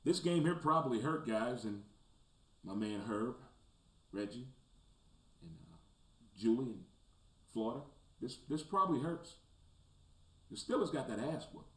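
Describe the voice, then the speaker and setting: A man hosting a casual sports talk show, breaking down the weekend's games, rising into loud rants and dropping to low mutters. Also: lively intonation, a little slow, pauses often. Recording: roomy echo, faint background noise.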